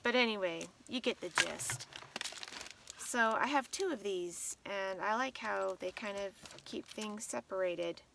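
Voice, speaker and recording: A woman's voice: medium pitch, unhurried, creaky, distant mic, noisy background. A tired woman vlogger chatting casually at night, half asleep and rambling as she shows her things. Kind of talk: casual late-night vlog chat.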